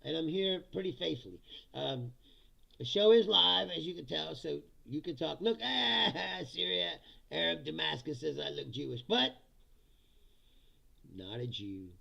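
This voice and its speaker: Gravelly, sharp-voiced ranting male host. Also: on the high side, lively intonation, unhurried. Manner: profane, blunt, laughs often between remarks. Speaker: live-stream commentary host. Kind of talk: casual ranting live-stream commentary.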